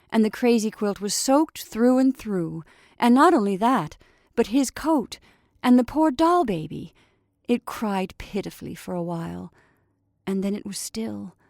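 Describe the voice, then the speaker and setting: A woman's voice: mid-range voice, a little mellow, dry recording, studio quality. Woman reading a storybook aloud. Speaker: storyteller podcast host.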